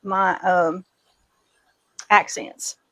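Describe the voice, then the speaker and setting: A middle-aged homesteading vlogger chats casually in her home kitchen while washing dishes, telling rambling, folksy stories in a Midwestern accent that drifts into Kentucky country twang. Her voice sits on the low side with a level tone, drawn-out words, and a pushed, bright quality. The recording is dry and low in quality.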